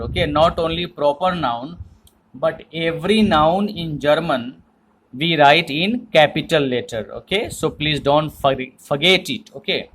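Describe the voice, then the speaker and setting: Man, German language teacher, slow repetitive explanations, says "okay" a lot, faint noise behind. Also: on the high side, a bit bright, low-quality recording. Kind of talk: language lesson.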